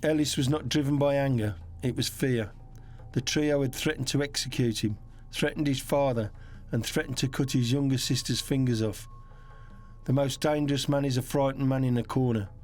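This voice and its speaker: A man narrating a crime documentary in a measured, serious scripted delivery. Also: mid-range voice, steady tone, a little mellow.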